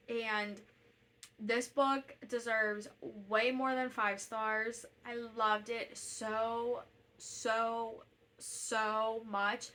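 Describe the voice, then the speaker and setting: A woman's voice: mid-range voice, bright, forceful tone. A woman chatting casually at home as a book vlogger, gushing about books with lots of fillers and restarts. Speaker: BookTube host. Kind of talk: casual book review chat.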